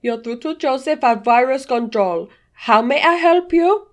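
A woman doing a loud Indian call-centre man. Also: high-pitched, lively intonation, measured pace, pitched above the performer's own voice. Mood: polite. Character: male call-centre agent, polite.

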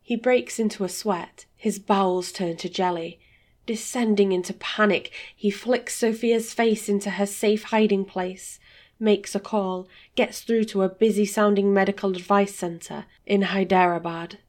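A woman reading a dark story aloud in a slow, deliberate, dramatic way. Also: mid-range voice, steady tone.

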